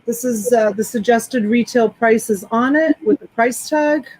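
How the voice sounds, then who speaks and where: Husky-voiced woman hosting a live sale. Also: a little high, a little slow, darkish tone, poor audio. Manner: enthusiastic, rambling product descriptions. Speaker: live-selling host. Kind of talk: chatty live sales stream. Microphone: desktop USB microphone.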